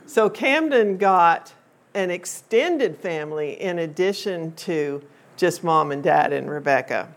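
Older woman, lowish voice, chatty storyteller addressing a group, lots of ums. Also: lively intonation. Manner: chatty, unhurried, with many um fillers and restarts. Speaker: speaker telling a family story to a group. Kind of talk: personal storytelling to an audience.

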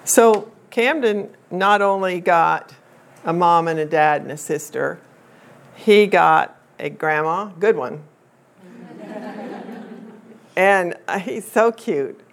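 An older woman with a fairly low voice shares a personal family story with a group, chatting at an unhurried pace and often using fillers and starting over.

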